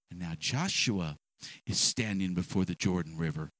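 A man preaching a sermon, reading scripture slowly and swinging between loud, emphatic bursts and soft, low asides. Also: lively intonation, no room sound. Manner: reads scripture slowly with stretched words. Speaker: pastor.

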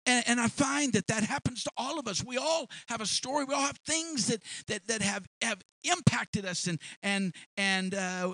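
A man preaching a sermon, retelling a story in an animated way with many restarts. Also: extremely high pitch, no echo, rough recording.

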